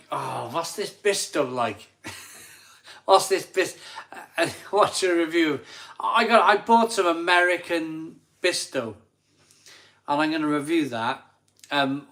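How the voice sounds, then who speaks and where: A middle-aged man with a fairly high, fairly bright voice hosts a casual live stream while tipsy from a few beers. He chats as he reads viewer comments, laughing, poking fun at himself and rambling with restarts.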